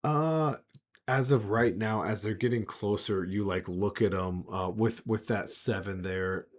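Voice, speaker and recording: Low-voiced man running a tabletop game. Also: a little slow. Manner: rambling, full of filler words and restarts. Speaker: game master.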